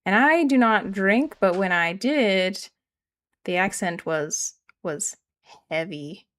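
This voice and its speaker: A woman's voice: mid-range voice, lively intonation, slow, fairly bright tone. A woman from Canada with a regional Canadian accent, chatting casually with her live-stream audience while building in a game, rambling and self-deprecating.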